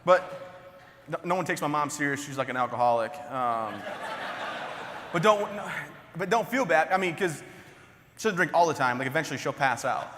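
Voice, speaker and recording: A man's voice: fairly high pitch, background noise. A young man giving a comedic keynote speech, telling stories and laughing at his own jokes. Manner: joking, self-mocking, laughs at his own lines. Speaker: keynote speaker. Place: large hall on stage. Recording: hall reverb on stage.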